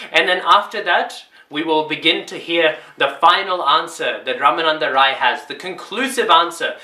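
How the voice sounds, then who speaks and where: Man, scripture class teacher, very bright tone, echoey room, storytelling lecture. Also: a little high. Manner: storytelling lecture, often ends remarks with "hmm?"; acts out short quoted cries and thoughts. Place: temple.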